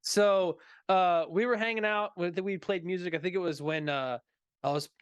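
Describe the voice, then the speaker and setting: A man's voice: high voice, moderate pace, smooth, no echo. Guy in his 30s, laughs through his stories, swears a lot, dry close sound. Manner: laughing, profane storyteller. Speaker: co-host. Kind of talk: casual chat.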